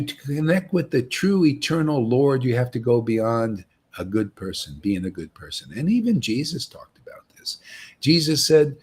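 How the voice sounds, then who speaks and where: Male spiritual teacher, husky, lively swoops in pitch, rambling storyteller. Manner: rambling, animated storytelling that mocks other devotees. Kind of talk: informal spiritual talk.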